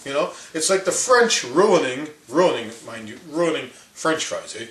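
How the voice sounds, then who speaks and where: A man's voice: on the high side, lively intonation, unhurried, a bit bright, echoey room. A man impersonating an opinionated older male hockey commentator, ranting in rambling, folksy asides. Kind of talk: comedic impression rant.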